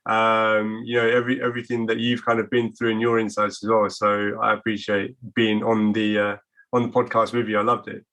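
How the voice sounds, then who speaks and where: A man's voice: lowish voice, monotone, brisk, fairly bright tone. A man speaking as a guest on a podcast, easygoing and friendly in conversation. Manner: easygoing and friendly, short agreeable replies. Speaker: business owner and guest.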